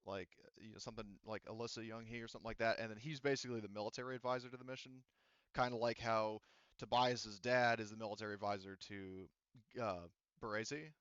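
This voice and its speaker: A man's voice: on the low side, fairly even intonation, fast, fairly bright tone, clean tone, no echo, highs cut off. A man running a tabletop game, explaining the setting loosely with lots of fillers. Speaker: game master.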